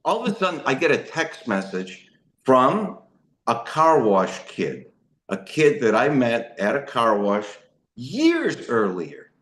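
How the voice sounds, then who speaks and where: A man's voice: medium pitch, wildly swooping pitch, slow pace, a bit bright, roomy sound. A man telling his own recovery story in an emotional, rambling way, full of restarts and "you know". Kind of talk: personal testimony talk.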